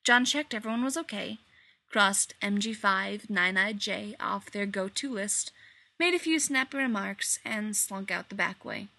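A woman reading fiction aloud in an expressive, animated storytelling manner. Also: medium pitch, measured pace, gravelly. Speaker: reader.

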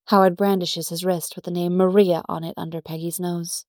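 Gravelly low-voiced woman narrator. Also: steady tone, normal speed, hardly any pauses, darkish tone, no echo, clean studio sound. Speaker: story reader. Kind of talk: scripted narration.

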